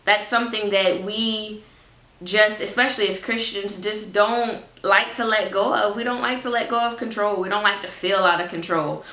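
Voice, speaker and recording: A woman in her twenties giving a casual, expressive faith talk as a Christian vlogger, chatty and informal. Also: mid-range voice, measured pace, gravelly, reverberant. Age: 20s. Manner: expressive, acts out her own prayers; informal, chatty, laughs often.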